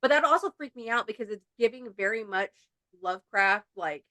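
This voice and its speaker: High-voiced, blunt, giggly woman co-host. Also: animated, a little fast, sharp tone. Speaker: podcast co-host. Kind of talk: casual book-review chat.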